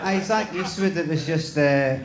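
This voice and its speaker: A man's voice: a little high, moderate pace, heavy background noise. A man with a Glaswegian Scottish accent, a comedian guest chatting on stage with a handheld mic in a dry, mumbling, sweary way. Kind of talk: casual chat on stage. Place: live venue with an audience.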